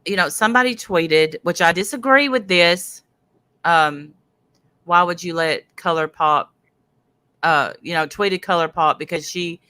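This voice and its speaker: Woman host, chatty and rambling, bright tone, dry close sound. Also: fairly low pitch, unhurried, no echo. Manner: rambling, chatty, greets viewers in chat. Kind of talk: casual livestream commentary.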